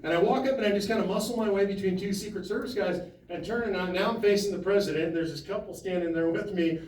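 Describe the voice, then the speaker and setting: A man with a fairly high voice tells an animated story to a town hall crowd, acting out the other people's lines and laughing along the way. He is picked up from across an echoey hall. There is a faint hiss of room noise behind him. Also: quick pace, recorded from a distance. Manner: animated anecdote with laughs and quoted dialogue. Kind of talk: storytelling to an audience.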